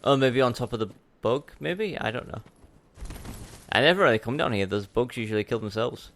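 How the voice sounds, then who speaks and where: A man's voice: medium pitch, brisk, a bit bright, slight background noise. Chatty man narrating his gameplay. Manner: chatty, self-mocking, talks to the game. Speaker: let's play host. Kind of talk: gameplay commentary.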